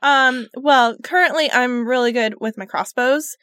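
A woman playing a tabletop game, playful and quick to laugh, stammering in character. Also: sits high, fairly bright tone, no echo, clean studio sound. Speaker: player. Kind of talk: tabletop role-play.

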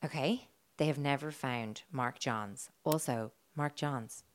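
A woman's voice: rumbling low, slow pace, a little hiss or hum. A woman co-hosting a podcast in casual chat, telling a story with giggles and frequent swearing. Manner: chatty, giggly, swears freely.

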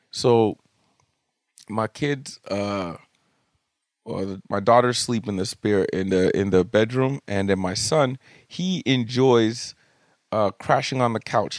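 A young adult man hosting a podcast, telling comic stories about his kids in an animated, jokey way and swearing casually. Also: lowish voice, no echo, studio quality. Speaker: podcast host. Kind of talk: comedic storytelling monologue. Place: home studio room.

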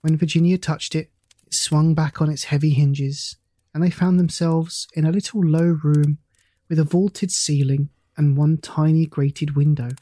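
A reader narrating a classic ghost story in a measured, even storytelling manner. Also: medium pitch, dry recording. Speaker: audiobook narrator.

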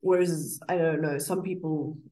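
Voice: mid-range voice, steady tone, moderate pace, warm tone. A podcast co-host in casual chat, telling stories in a chatty way with many fillers.

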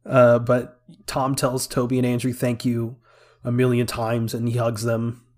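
A man's voice: mid-range voice, monotone, unhurried, darkish tone. A man co-hosting a casual podcast, recapping a film scene by scene with lots of fillers and laughter. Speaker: podcast co-host. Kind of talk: casual movie review chat.

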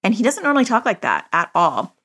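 A woman's voice: a little high, sing-song, quick pace, fairly bright tone. A middle-aged woman hosting a parenting podcast, talking in a casual, chatty way full of "like" and "you know".

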